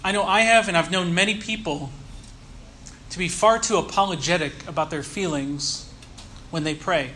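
A man preaching a sermon, teaching earnestly and leaning slowly on key words. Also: sits high, pushed and bright, a little hiss or hum. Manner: earnest teaching tone with slow emphatic stresses. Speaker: pastor.

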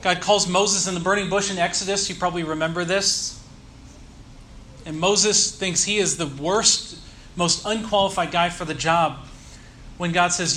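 A man preaching a sermon, teaching earnestly and leaning slowly on key words. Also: sits high, sharp tone, a little hiss or hum. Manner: earnest teaching tone with slow emphatic stresses. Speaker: pastor.

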